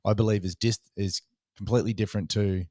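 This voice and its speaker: A man's voice: on the low side, steady tone, fast talker, warm tone, dry recording, clean studio sound. A man hosting a podcast, talking earnestly in short, reflective phrases. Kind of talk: casual interview chat.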